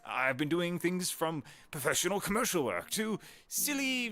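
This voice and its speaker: A man's voice: fairly high pitch, sing-song, normal speed, fairly bright tone, soft background music. A man in his thirties, a voice actor chatting casually and rambling on a live stream, greeting viewers.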